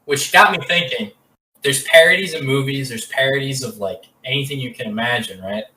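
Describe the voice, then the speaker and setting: A man's voice: medium pitch, brisk, pushed and bright, roomy sound, distant mic, slight background noise, low-quality recording. A man co-hosting a podcast in casual chat, rambling and hesitant and full of fillers as he works through a thought. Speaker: podcast co-host.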